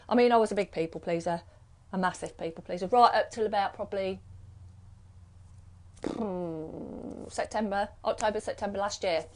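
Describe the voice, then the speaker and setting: A woman's voice: medium pitch, darkish tone. Chatty British woman, rambling. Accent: British English. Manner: rambling, chatty, piles up rhetorical questions. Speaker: live-stream host and card reader. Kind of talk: casual chat.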